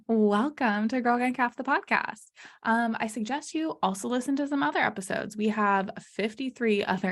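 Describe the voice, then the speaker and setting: A young adult woman hosting her podcast alone, talking casually and candidly, with lots of fillers, and laughing her way through hard topics. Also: medium pitch. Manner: chatty, many fillers like "you know" and "um". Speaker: podcast host. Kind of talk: solo podcast monologue.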